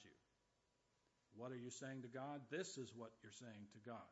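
A man pastor preaching a sermon, with loud emphatic bursts and dry humorous asides. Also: mid-range voice, normal speed, long pauses, muffled recording, a little hiss or hum.

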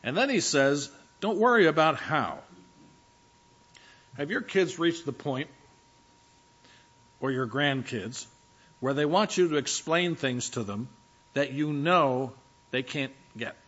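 A man's voice: mid-range voice, animated, slow pace, long pauses, a bit bright, dull audio. A man preaching a sermon in a conversational, storytelling way, with frequent fillers. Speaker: pastor.

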